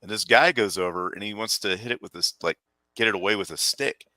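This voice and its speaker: A man chatting casually on a podcast panel, explaining things in a relaxed, rambling way. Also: lowish voice, fairly quick, no room sound. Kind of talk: casual chat.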